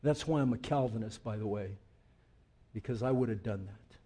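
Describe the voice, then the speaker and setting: A man preaching a sermon, swinging from loud emphatic peaks to quiet, low asides and putting direct questions to the congregation. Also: normal speed, husky. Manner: emphatic, rising to loud peaks then dropping low and intimate. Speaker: pastor.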